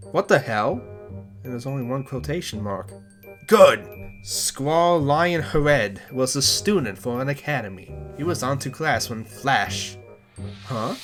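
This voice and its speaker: A man reads a clumsy fanfic aloud and breaks in with sarcastic, exasperated jokes. His voice sits at a medium pitch. Music plays clearly behind him. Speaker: comedy reviewer reading fanfic. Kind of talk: mocking commentary on a reading.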